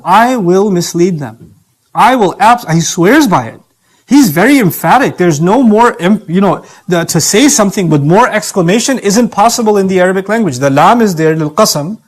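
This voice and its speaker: A man's voice: high-pitched, expressive, moderate pace. A man preaching a sermon in a conversational, emphatic way, with chatty asides.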